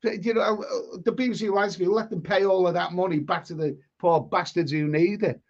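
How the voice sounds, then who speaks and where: The voice sits high and steady, moving at a brisk clip: a man from England running an informal live stream. He reads out chat and offers blunt views, tripping into repeats and restarts, captured on dull, low-fidelity stream audio.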